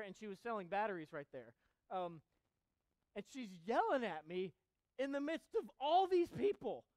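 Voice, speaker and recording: A man's voice: high voice, clean tone, no echo, low-quality recording. A man preaching a sermon, telling a personal story in a casual way with many fillers, then reading scripture with emphasis. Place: church chapel.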